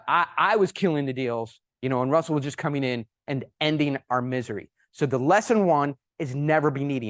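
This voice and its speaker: A man giving a conference presentation, telling anecdotes in an animated, emphatic way. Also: mid-range voice, no room sound, studio quality. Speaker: conference speaker. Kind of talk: presentation with storytelling.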